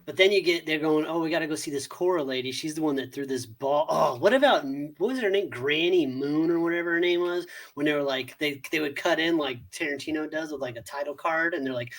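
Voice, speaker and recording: A man co-hosting a podcast movie review, his voice sitting a bit high for a man. He talks casually and animatedly, swearing freely and breaking into laughter as he acts out scenes in quotes. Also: brisk, few pauses, fairly bright tone. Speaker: podcast co-host.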